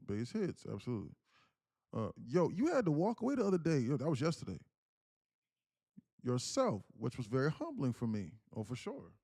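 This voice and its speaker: A man's voice: mid-range voice, warm tone. A man hosting a live trading stream, talking casually and slangily to his viewers, repeating himself and pressing his points with earnest insistence. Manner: slangy, repeats himself, keeps calling out "guys, listen". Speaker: day-trading livestream host.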